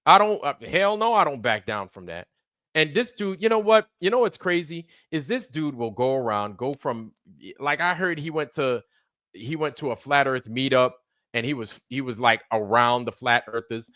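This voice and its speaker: A man's voice: medium pitch, lively intonation, normal speed, a bit bright, dry recording, clean studio sound. A man hosting a livestream, delivering heated, profane commentary, repeating himself for emphasis. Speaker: livestream host.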